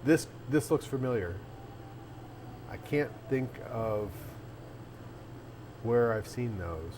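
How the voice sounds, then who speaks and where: An arcade owner speaks slowly and expressively in a mid-range, slightly mellow voice during a casual livestream. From inside his arcade café he rambles, thinking aloud with restarts, with a little hiss or hum present.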